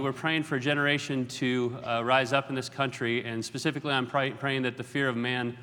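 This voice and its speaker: Joking middle-aged preacher in a reverberant hall. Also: male voice, medium pitch, steady tone, normal speed, bright, forceful tone. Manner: jokey, self-deprecating asides. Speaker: guest preacher. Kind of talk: sermon. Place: large auditorium.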